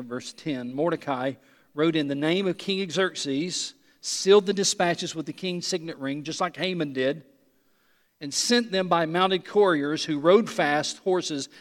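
A man delivers an expository sermon, teaching in an emphatic, conversational way. His voice is high for a man. It carries with a long reverb, as in a large sanctuary. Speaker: preacher.

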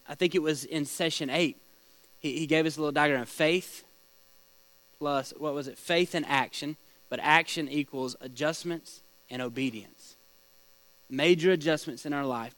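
Casual Bible study leader, slightly high voice. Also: male voice, fairly bright tone, dry recording, rough recording. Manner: conversational, asks the group questions, tells stories. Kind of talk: small-group Bible study teaching.

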